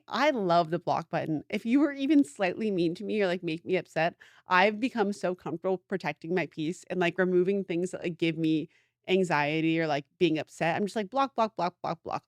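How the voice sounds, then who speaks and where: A woman's voice: lowish voice, normal speed, no room sound, clean studio sound. A young woman co-hosting a podcast, chatting casually and bluntly, swearing and saying "like" often. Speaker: podcast co-host. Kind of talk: casual chat.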